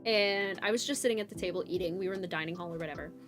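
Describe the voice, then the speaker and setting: A young woman streamer chatting casually with her viewers and telling a story. She is animated and laughs often, jumping from loud bursts to mumbled asides. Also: fairly low pitch, rapid-fire. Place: home streaming setup. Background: faint background music.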